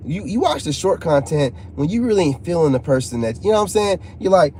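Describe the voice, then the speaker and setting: A man's voice: fairly high pitch, sing-song, fast, few pauses, warm tone, a little hiss or hum. A man, hosting a casual live stream, joking and reading chat aloud. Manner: joking, laid-back, reads chat aloud. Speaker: channel host talking to live chat.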